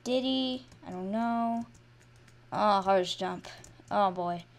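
Excitable woman narrating her gameplay. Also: mid-range voice, slow pace. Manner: excitable, swings from mumbling to loud shrieks. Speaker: gaming channel host. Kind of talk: casual gameplay commentary.

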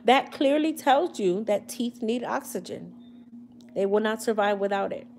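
A woman's voice: mid-range voice, lively intonation, a little slow, darkish tone, a little hiss or hum. A woman hosting a casual hair care livestream, joking and using slang as she talks straight to her viewers. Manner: chatty, comedic, slangy, addressing viewers directly.

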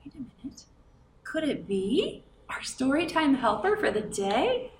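Lively sing-song storytime librarian woman. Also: high voice, unhurried, slight background noise. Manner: sing-song, coaxing, asks kids questions. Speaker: children's librarian. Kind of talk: reading a picture book aloud for kids. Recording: roomy, from a distance.

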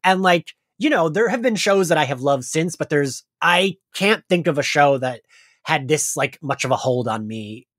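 A man's voice: a little high, expressive, moderate pace, a bit bright, no echo. A congested man hosting a podcast, chatting casually and acting out the voices of friends in his stories. The sound is dry and close, with no room around it. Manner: chatty storyteller, acts out quoted friends. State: congested from crying. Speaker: podcast host. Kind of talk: casual chat.

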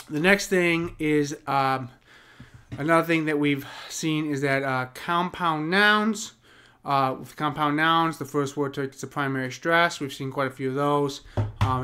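A man teaching poetic meter in an unscripted explainer, pausing with many ums and restarts as he works through ideas. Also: a little high, a bit bright, clear, resonant tone. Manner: taps out rhythms aloud as da-dum. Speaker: poetry teacher.

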